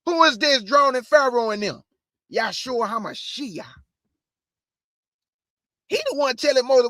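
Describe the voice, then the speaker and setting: A man with a very high, bright, forceful voice preaches, swinging from solemn scripture reading to loud, slangy exhortation. The close mic sounds dry and direct, with no room around him. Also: a little slow, long pauses, no echo. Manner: animated, shouting bursts, slangy asides. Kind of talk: energetic street-style Bible preaching.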